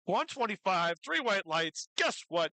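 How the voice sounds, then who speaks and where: Weightlifting commentator, live meet calls, bright tone, excitable cheering, jokey asides, dry close sound. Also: medium pitch, unhurried, no echo, poor audio. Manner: excitable, cheers lifters on with rising shouts; jokey asides between attempts.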